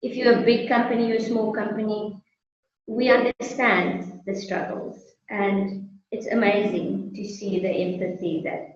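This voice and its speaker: Slow South African woman, echoey and distant. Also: mid-range voice. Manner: slow, friendly, laughs often. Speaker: guest business owner. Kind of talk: casual interview chat. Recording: echoey, distant, muffled sound.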